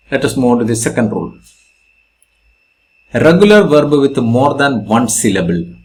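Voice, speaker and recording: A male English teacher with an Indian English accent explains spelling rules in a grammar lesson. He talks slowly, with a pitch that rises and falls a lot, and he stresses syllables and repeats each example.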